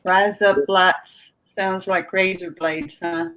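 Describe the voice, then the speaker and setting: A woman hosts a casual live stream, greeting viewers and chatting with them. She talks slowly and draws her words out. She laughs often between remarks. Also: mid-range voice, fairly even intonation, a bit bright. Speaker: livestream host chatting with viewers.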